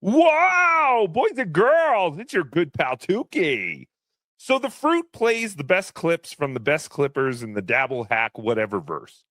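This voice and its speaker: A man putting on a chipper little green puppet pal with a high, bouncy voice. It swoops up and down like a children's TV host while slipping in sarcastic jabs. The sound is dry and close. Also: sing-song, slow pace, a bit bright, no room sound, full character voice. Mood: chirpy, snarky. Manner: chirpy kids-show presenter, mocking. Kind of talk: comic puppet bit on a podcast.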